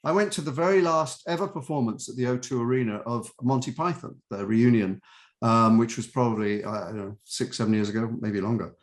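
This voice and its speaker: An older man telling show-business stories in a chatty, animated way as an interview guest. His voice sits at an ordinary middle pitch, and he often slips into brief quoted voices while he talks. It is easygoing conversational storytelling. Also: brisk. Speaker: actor guest. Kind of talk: interview anecdotes.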